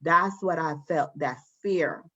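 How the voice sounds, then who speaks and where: A woman's voice: sits low, takes it slowly, pushed and bright. A woman guest speaking candidly and emotionally about her own experiences. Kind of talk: personal storytelling. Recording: muffled lo-fi audio.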